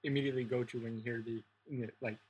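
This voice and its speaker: Husky, rambling male podcast co-host. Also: medium pitch, fairly even intonation, rapid-fire, darkish tone, poor audio. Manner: rambling, lots of fillers. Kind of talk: casual chat.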